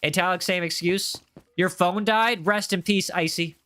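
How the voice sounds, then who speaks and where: A man's voice: high voice, steady tone, moderate pace, sharp tone. A young man streaming a game and chatting with viewers, teasing and joking, often repeating lines for comic effect. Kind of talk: casual live-stream chat while gaming.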